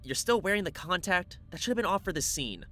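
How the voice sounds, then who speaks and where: A man's voice: sits high, very animated, fairly quick, slight background noise, pitched above the performer's own voice, full character voice. A man voicing a domineering teenage girl who leads a school club, in an audiobook reading. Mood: bossy. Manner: loud, commanding, demanding.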